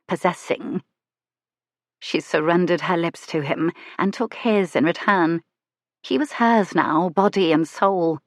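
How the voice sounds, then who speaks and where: A woman narrating a historical romance audiobook in a soft, intimate, measured reading. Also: lowish voice, no room sound, clean studio sound.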